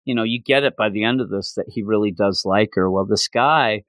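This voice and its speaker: A man's voice: on the low side, dry recording, clean studio sound. A man co-hosting a podcast, chatting casually about a manga chapter and acting out bits of character dialogue. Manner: animated, acts out character lines in quick voices. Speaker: podcast co-host.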